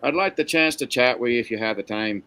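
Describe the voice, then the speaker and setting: A man reading a story, voicing a soft-spoken, quietly dangerous Irish man with a genial, coaxing manner. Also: medium pitch, fast talker, gravelly, smooth. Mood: smooth.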